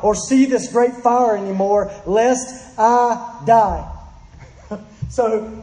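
A man's voice: very high voice, reverberant, big-room sound, rough recording. A male pastor, preaching a sermon with fervent, rising intensity. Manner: impassioned preaching, drops to a hushed prayer.

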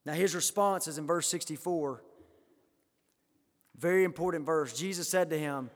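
A man preaching a sermon as a pastor, swinging between loud emphatic rises and quiet hushed lines. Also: on the high side, normal speed, big-room sound.

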